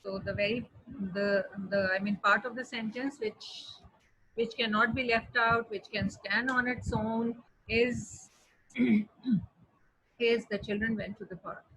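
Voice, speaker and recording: A woman teaching an English grammar lesson, explaining patiently and repeating examples slowly. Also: fairly high pitch, steady tone, bright, forceful tone, slightly rough, rough recording. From Pakistan. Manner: explaining patiently with repetition, slowing to spell out words. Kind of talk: classroom lesson.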